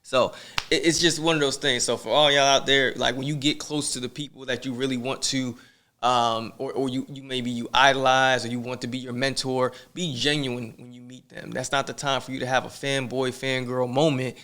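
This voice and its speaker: A man's voice: medium pitch, normal speed. A man hosting a podcast, talking in a casual, slangy way and giving advice straight to his listeners. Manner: animated, preachy, slangy, addresses listeners directly. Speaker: podcast host. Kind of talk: motivational casual chat.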